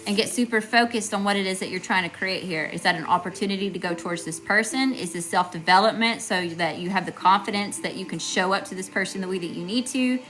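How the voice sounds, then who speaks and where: A woman's voice: mid-range voice, fast, few pauses, a bit bright, soft background music. A woman giving a live tarot reading, chatty and informal, greeting viewers and often checking in with "okay?". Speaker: tarot reader.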